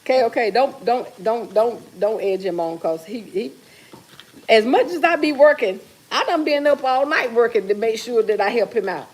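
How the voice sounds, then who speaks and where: A woman's voice: on the high side, lively intonation, normal speed, a little mellow. A middle-aged woman hosting a casual live stream from her kitchen while cooking, reading viewer comments aloud and teasing them in an easygoing talky way. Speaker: livestream host.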